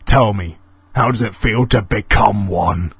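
A man doing a rasping, sneering meringue monster. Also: lowish voice, a little slow, dry recording, full character voice. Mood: menacing. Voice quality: raspy.

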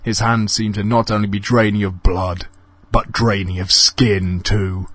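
A man's voice: lowish voice, level tone, a little slow, fairly bright tone, no room sound. Brief: male narrator of a silly ghost story, dry close sound.

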